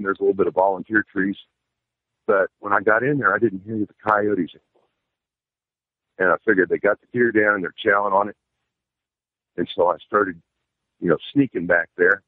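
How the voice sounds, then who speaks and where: A man's voice: sits low, no room sound. A man telling a first-person outdoor encounter story in a rambling, plainspoken way, using folksy phrasing. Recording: tinny phone line, dry.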